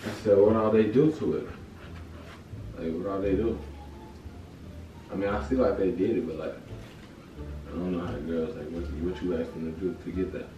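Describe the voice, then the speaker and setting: A young man vlogging in a relaxed, slangy way, often tacking "man" and "bro" onto his sentences and sounding tired. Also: deep voice, lo-fi sound, music in the background. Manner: slangy, drawn-out, keeps saying "man" and "bro". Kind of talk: whispered vlog intro and casual prank chat. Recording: echoey room, far from the mic, loud background noise.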